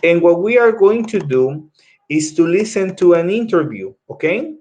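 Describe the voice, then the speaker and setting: A man's voice: high-pitched, sing-song, moderate pace, darkish tone. A man teaching an English class, explaining tasks patiently step by step, repeating himself and often checking in with "okay?". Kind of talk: classroom instruction.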